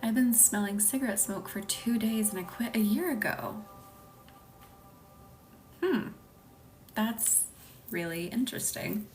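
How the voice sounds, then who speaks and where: Soft-spoken Southern woman host. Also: a little high, expressive, a little slow, pauses often, recorded from a distance, faint music behind. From Southern United States. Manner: soft, drifting into breathy near-whispers, laughs easily. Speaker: energy healer hosting a live stream. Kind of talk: casual live-stream chat with viewers.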